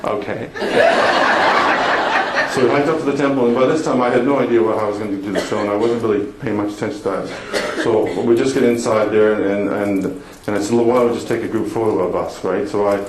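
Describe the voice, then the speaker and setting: In an echoey conference hall full of room noise, a motivational speaker tells his audience a personal story, laughing, poking fun at himself and showing emotion. His voice is fairly low and darkish in tone, and his pace is quick.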